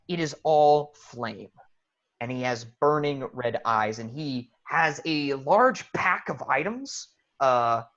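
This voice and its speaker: A man narrating a tabletop game as game master, telling the scene in a loose, animated way with fillers. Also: on the high side, dull audio.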